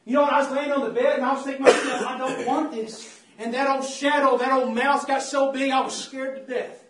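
A man with a very high-pitched voice preaches briskly in a church, his intonation fairly even. He repeats himself with fervor and calls out "saints of God" to the congregation, recorded from afar in a roomy, very noisy space.

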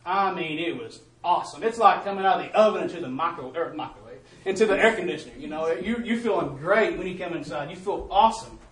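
A man preaching a testimony sermon and calling out to the congregation, switching between loud bursts and hushed asides. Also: sits high, quick pace, few pauses, reverberant, recorded from a distance, poor audio.

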